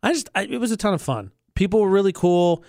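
A man's voice: high-pitched, expressive, quick pace, darkish tone, no echo, studio quality. Upbeat man chatting on a podcast. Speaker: co-host. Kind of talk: casual chat.

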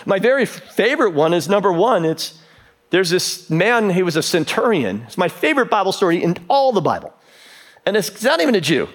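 A middle-aged male pastor preaching a sermon, telling stories with animated acted-out voices and dropping to a near hush at times. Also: high voice, a little fast. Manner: animated storytelling, acting out voices, drops to a hush.

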